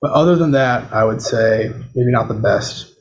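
A man talking casually over a video call, explaining audio gear as a podcast guest, with a relaxed, filler-heavy manner. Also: mid-range voice, normal speed, husky, muffled recording. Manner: relaxed, chatty, lots of fillers like "you know" and "um". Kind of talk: casual explanatory chat, demonstrating microphones. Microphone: switching between webcam mic and USB condenser over a video call.

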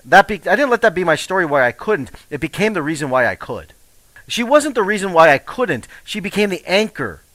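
Animated man telling a motivational story. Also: a little high, no echo, low-quality recording. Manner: animated, acts out quoted voices. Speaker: coach.

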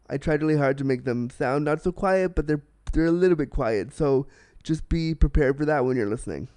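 A man hosts a casual podcast from a small apartment, chatty and quick to laugh. His voice is mellow and smooth, sitting a little higher than most men's. He speaks close to a desk mic. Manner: chatty, excitable, laughs often. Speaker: podcast host. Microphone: desk mic, guest sharing it.

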